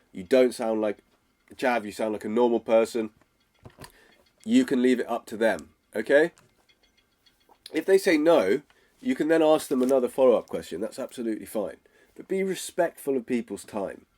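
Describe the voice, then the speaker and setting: A man's voice: medium pitch, lively intonation, moderate pace, long pauses, a little mellow. A man, teaching sales in a direct, casual way and often checking in with "okay?". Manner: direct, acts out phone calls, checks in with "okay?". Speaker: sales coach.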